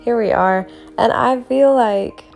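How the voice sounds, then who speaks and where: A woman narrating her drawing process in a casual vlog, animated and laughing often. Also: on the high side, takes it slowly, creaky, soft background music. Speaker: art vlogger.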